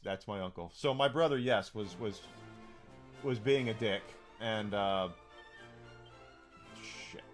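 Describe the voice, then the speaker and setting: A man streaming a game and telling a long story in a rambling, casual way, full of restarts and fillers. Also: medium pitch.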